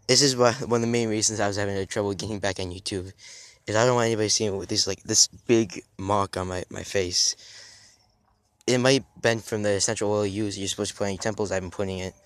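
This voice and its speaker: A man's voice: on the low side, dry recording. Rambling young man vlogging outdoors. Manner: halting, restarts often, drifts off topic. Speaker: fitness YouTuber. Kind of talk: rambling casual vlog talk.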